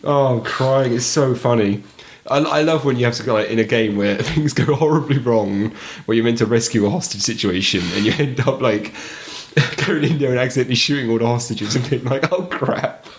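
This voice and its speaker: A man's voice: mid-range voice, brisk. Giggly man telling game stories. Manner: giggly, laughs through his own anecdotes. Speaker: podcast co-host. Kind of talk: casual chat about video games.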